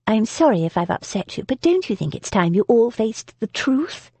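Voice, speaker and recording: A woman's voice: on the high side, sing-song, normal speed, breathy edge, no room sound. A woman voicing a composed, defiant young heroine who speaks coolly and firmly. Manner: cool and firm, gentle.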